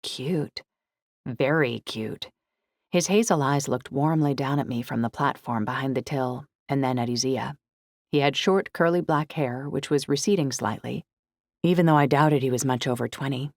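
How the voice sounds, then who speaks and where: A woman's voice: very deep voice, moderate pace, darkish tone, dry recording. Woman reading a novel, dry close sound. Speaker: audiobook narrator. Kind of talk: scripted first-person narration.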